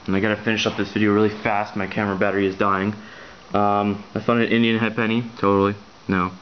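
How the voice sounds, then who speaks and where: A man casually showing off his coin finds in a vlog, talking in a hesitant, rushed way with lots of ums and restarts. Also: on the low side, level tone, muffled recording, slight background noise. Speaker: coin collector vlogger. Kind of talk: casual show-and-tell vlog.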